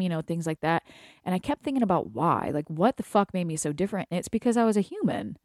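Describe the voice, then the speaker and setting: A woman in her thirties talks on her own about her work as a hairstylist, blunt and profane, laughing as she goes. Her voice sits a little low and sounds close and dry, with no room around it. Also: very animated, quick pace, darkish tone, dry recording. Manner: profane, candid, laughs often. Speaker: hairstylist and salon owner. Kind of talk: casual monologue.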